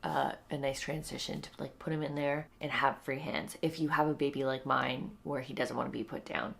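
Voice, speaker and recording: A woman's voice: a bass voice, level tone, brisk, vocal fry, few pauses. A young woman and new mom, a comedian, chatting casually at home in a tired, wry way, sometimes dropping to a whisper. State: sleep-deprived. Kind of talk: casual vlog chat. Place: home, indoors.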